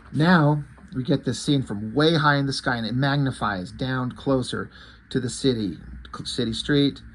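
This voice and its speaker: A man's voice: mid-range voice, a little hiss or hum. A man casually reviewing a comic book, rambling and correcting himself, with the odd swear word.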